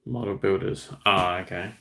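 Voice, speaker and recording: A man's voice: sits low, steady tone, moderate pace, vocal fry, pushed and bright. A young Australian man from Western Australia hosting a casual livestream, chatting easily and reading out and answering viewer comments. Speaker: livestream host.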